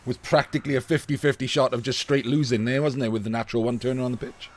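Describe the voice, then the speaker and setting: A male esports commentator calling a match live in a loose, chatty way. He laughs often and swears without a second thought. His mid-pitched voice is getting a little hoarse. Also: fairly even intonation, fast. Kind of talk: casual live video game commentary.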